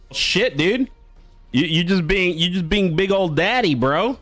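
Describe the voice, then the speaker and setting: A man hosting a live game stream in casual chat, swearing, joking and breaking into loud excited laughter. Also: high-pitched, slow pace, soft background music. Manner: profane, jokey, bursts into loud excited laughter. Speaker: streamer host.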